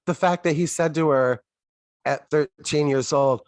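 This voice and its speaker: A man's voice: fairly high pitch, unhurried, no echo, studio quality. A man co-hosting a podcast, chatting casually with blunt, sarcastic complaints. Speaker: podcast co-host. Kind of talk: casual chat.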